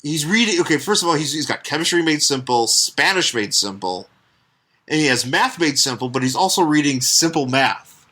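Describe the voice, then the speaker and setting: A man co-hosting a comedy podcast, with a bright, lively voice that swings widely in pitch. He chats casually, laughs often and mocks the characters with quick put-on voices. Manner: laughing, mocking, acts out silly voices. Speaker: podcast co-host.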